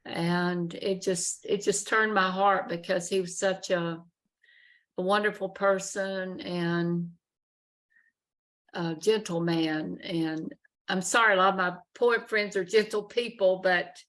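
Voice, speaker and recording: A woman's voice: lowish voice, steady tone, slow. A woman at a poetry society meeting indoors, speaking fondly of a member with stumbling restarts. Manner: warm-hearted, stumbling restarts. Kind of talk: casual group chat.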